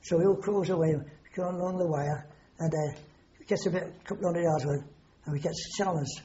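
A man's voice: high-pitched, normal speed, mellow, a little hiss or hum. An older man, recalling wartime memories in a rambling, salty way, swearing often. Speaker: war veteran interviewee. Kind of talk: oral history recollection. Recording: dull lo-fi recording.

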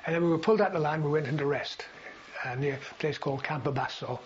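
An older man reminisces in a rambling, unhurried way, often pausing on fillers and restarting his sentences. His voice sits a little high for a man. The recording is dull and lo-fi, with a faint hiss. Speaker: veteran interviewee. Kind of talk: oral history recollection.

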